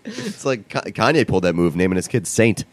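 A man's voice: fairly low pitch, huge pitch swings, brisk, slight background noise. A man co-hosting a podcast, chatting casually in a wry, teasing way and laughing often. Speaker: podcast co-host. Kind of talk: casual chat.

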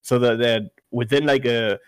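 A man's voice: mid-range voice, fairly even intonation, moderate pace, clean tone, no echo. A man chatting casually about video games, loose and full of fillers, swearing freely. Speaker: podcast co-host. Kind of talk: casual gaming chat.

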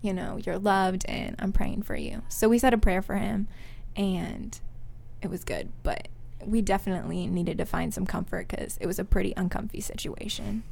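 A woman's voice: mid-range voice, fairly even intonation, normal speed, gravelly, a little mellow, husky. A young woman co-hosting a podcast, telling a story in a chatty, giggly way with lots of filler words. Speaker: podcast co-host. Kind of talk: casual storytelling chat.

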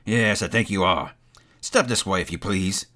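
A man's voice: sits low, normal speed, sharp tone, pitched below the performer's own voice. A man reading aloud and voicing an elderly reformed miser who is now jolly and effusive. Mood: mock-gruff. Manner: jolly, effusive, growls in mock sternness. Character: old male miser, newly joyful and generous.

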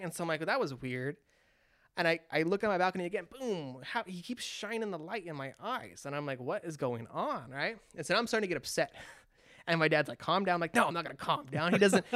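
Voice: mid-range voice, dry recording, clean studio sound. A speaker from California telling a long personal story in casual chat, acting out quotes with lots of restarts. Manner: animated, acts out quotes, frequent restarts.

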